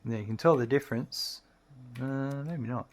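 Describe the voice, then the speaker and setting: A middle-aged man giving relaxed, chatty commentary while streaming a game. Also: mid-range voice, normal speed. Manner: relaxed, chatty, talks to his dog in a sing-song voice. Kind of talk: casual gameplay commentary.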